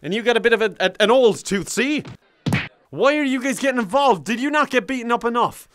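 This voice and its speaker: A young man in his twenties with an Irish accent, giving joking, excitable gameplay commentary and often yelling and laughing. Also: extremely high pitch, fairly quick, no echo. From Ireland. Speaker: gaming YouTuber.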